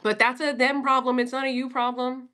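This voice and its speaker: A woman's voice: high-pitched, little pitch movement, fairly quick, bright, forceful tone. A woman from Philadelphia giving a casual, profane pep talk on a livestream and answering her chat. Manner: blunt, profane, talks straight to chat.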